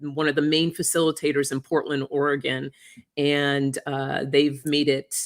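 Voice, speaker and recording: An oracle card reader hosting a casual livestream, chatting warmly with viewers, reading out their comments and getting emotional. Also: mid-range voice, little pitch movement, moderate pace. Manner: effusive, reads viewer comments aloud, gets emotional.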